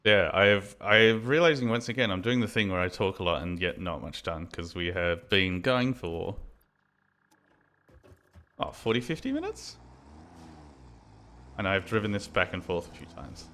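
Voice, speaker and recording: A man's voice: low-pitched, moderate pace, hardly any pauses, bright, forceful tone. An Australian man streaming a video game, rambling and swearing casually while he talks to himself as he plays. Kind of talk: casual gaming commentary.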